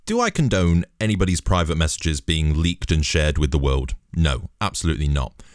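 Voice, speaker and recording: A man's voice: sits low, a little mellow, no echo, clean studio sound. A man delivering a rambling, sweary, sardonic comedic monologue in a casual style.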